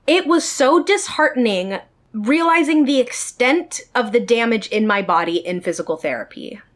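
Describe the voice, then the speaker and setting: A woman's voice: on the high side, expressive, normal speed. A woman telling a personal story in a storytime vlog, speaking directly to her viewers. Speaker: vlogger.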